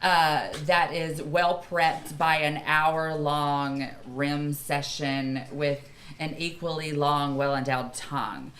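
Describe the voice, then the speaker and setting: A woman's voice: low voice, fairly even intonation, takes it slowly, a bit bright, a little hiss or hum. A young adult woman from Kentucky, a performer guest chatting on a live podcast, telling bawdy, sassy stories. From Kentucky, USA. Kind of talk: casual chat.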